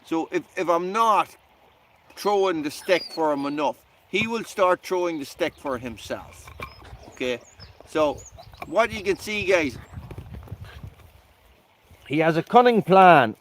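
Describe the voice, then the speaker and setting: A man's voice: measured pace, a little hiss or hum. A man hosting a casual live stream outdoors by a campfire, rambling to viewers and talking to his dog. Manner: rambling, talks to his dog in a high excited voice. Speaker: channel host.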